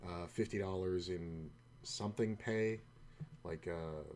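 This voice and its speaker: A man's voice: deep voice, slow pace, a little mellow, slight background noise. A man streaming poker who tells a long, rambling story in a casual, discouraged way, often stopping mid-sentence. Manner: rambling, self-interrupting, quotes others in his own voice. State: discouraged, low-key. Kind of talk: casual storytelling while playing.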